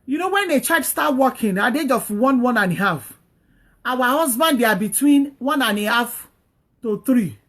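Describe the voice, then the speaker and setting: A woman's voice: fairly high pitch, expressive, normal speed, fairly bright tone. Earnest woman giving marriage advice. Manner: earnest, repetitive, preachy, acts out quoted speech. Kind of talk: casual advice talk to an online audience.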